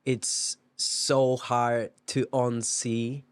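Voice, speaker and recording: A man hosting a podcast interview, speaking in a measured, reflective way. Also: mid-range voice, flat delivery, clean tone, dry recording. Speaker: podcast host.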